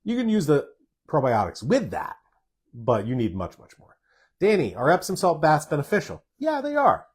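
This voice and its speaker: A man's voice: on the high side, huge pitch swings, moderate pace, a little mellow, slightly rough. A man, a doctor hosting a live stream, casually answers viewer questions and stresses points by repeating words.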